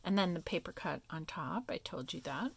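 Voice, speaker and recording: A woman casually showing her handmade paper crafts, talking softly and meandering as she thinks aloud. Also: on the low side, animated, moderate pace, gravelly, a little hiss or hum. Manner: soft, meandering, thinking aloud with many fillers. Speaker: craft vlogger. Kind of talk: casual crafting show-and-tell.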